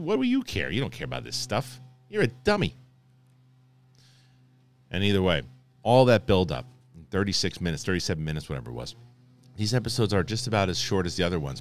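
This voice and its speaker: A man hosting a casual spoiler review, talking excitably and rambling with many restarts. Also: low voice. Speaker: host reviewing a TV episode.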